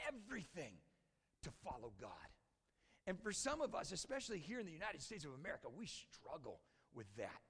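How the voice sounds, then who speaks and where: A man preaching from the pulpit of a church sanctuary, his voice a touch high with a gravelly edge. He talks to the congregation in a relaxed, conversational way, then sinks into hushed intensity. His words ring out with the long reverb of a large hall. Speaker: pastor. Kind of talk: sermon.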